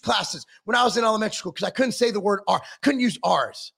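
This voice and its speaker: Brief: middle-aged man, profane heated rant, high gravelly voice, swinging pitch. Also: fast, hardly any pauses, a bit bright. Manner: heated, sarcastic, swearing constantly.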